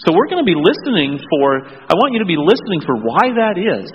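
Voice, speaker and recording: Guy pastor in a big echoey church, kinda muffled recording, faint hiss, talks slow and careful then loosens up with the kids. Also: high voice. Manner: slow, deliberate reading, then relaxed chat with kids. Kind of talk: scripture reading and children's sermon. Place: church sanctuary.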